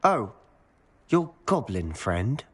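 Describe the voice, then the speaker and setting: An actor playing a hot-headed young wizard student in a video game. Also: male voice, mid-range voice, sing-song, slightly rough, heavily acted. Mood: sarcastic. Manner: impatient then apologetic, quick. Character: impulsive, frustrated young male wizard student.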